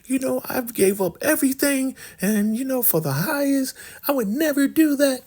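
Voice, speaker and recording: A man voicing a woman who melodramatically fakes outrage at being accused, in a high falsetto. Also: lively intonation, normal speed, a little mellow. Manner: overwrought, melodramatic protesting.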